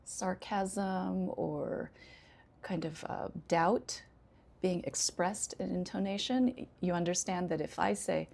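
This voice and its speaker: An American woman, an ESL teacher, explaining intonation in an unhurried way with frequent pauses. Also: lowish voice, fairly even intonation, gravelly, darkish tone. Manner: unhurried, many 'um' pauses, demonstrates intonation examples. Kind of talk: casual instructional talk.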